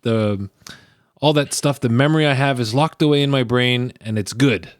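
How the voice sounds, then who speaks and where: A man's voice: mid-range voice, normal speed, clean tone, no room sound, studio quality. Blunt casual male podcast co-host.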